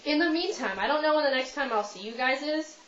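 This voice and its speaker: A woman's voice: sits high, animated, quick pace, fairly bright tone. A young Canadian woman chatting casually to camera in a rambling, self-deprecating way, with many ums and restarts, at home. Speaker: vlogger. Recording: roomy, slightly muffled home video.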